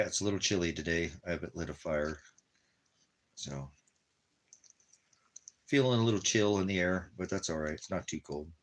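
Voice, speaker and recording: Deep husky guy rambling at home, baby-talks his dog over and over then gets preachy. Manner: preachy about religion. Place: at home in the desert.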